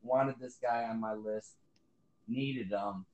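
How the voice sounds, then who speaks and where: A man's voice: on the low side, fairly even intonation, slow, darkish tone, dull audio. Rambling man in an echoey room. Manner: rambling, lots of fillers and profanity. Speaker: podcast co-host. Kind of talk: casual chat.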